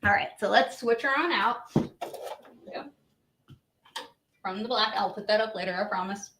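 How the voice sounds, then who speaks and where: A woman's voice: mid-range voice, moderate pace, fairly bright tone, a little hiss or hum, rough recording. A woman hosting a live embroidery demo, chatty and gushing, laughing often and sounding a little congested. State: congested, says she is on cold medicine. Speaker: host demonstrating embroidery. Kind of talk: casual live demo chat.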